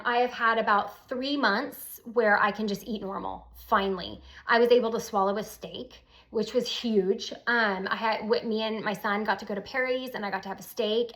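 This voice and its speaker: A woman telling her personal story in a casual, animated, emphatic way. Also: medium pitch. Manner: animated, emphatic, with Southern "y'all".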